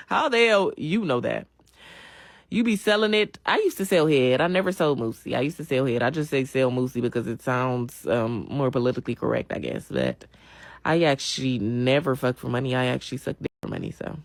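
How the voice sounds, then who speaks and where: A woman's voice: rumbling low, lively intonation, brisk, no echo. A woman talking in a blunt, slangy, joking way during a casual storytime. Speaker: vlogger.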